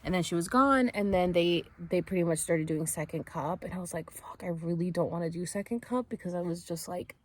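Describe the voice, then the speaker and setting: A woman's voice: fairly low pitch, fairly quick, few pauses. A woman telling a personal story to her camera, chatty and loose, full of fillers, acting out what others said. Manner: chatty, full of "like" and "um", acts out quotes. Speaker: vlogger. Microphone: camera mic while filming herself.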